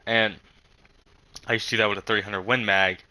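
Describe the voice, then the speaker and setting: A young man telling a rambling story in casual chat, halting with many fillers and frequent swearing. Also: fairly low pitch, steady tone, pushed and bright, rough recording.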